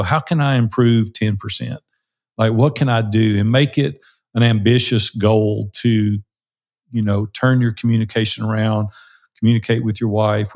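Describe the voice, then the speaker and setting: A man's voice: lowish voice, a little mellow. A man in his sixties co-hosting a podcast, talking candidly and encouragingly about marriage in casual conversation. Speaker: podcast co-host.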